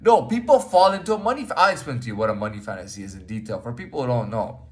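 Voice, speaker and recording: Racing along with lively intonation, a man with a medium-pitched voice hosts a podcast in a loose, rambling monologue. He's blunt, curses freely, repeats himself, and keeps dropping fillers, restarts, and "man."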